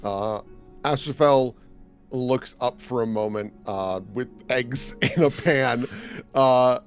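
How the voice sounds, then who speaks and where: A man's voice: medium pitch, slow, faint music behind. A man narrating a tabletop game as game master, in a casual, rambling way, full of fillers and laughter.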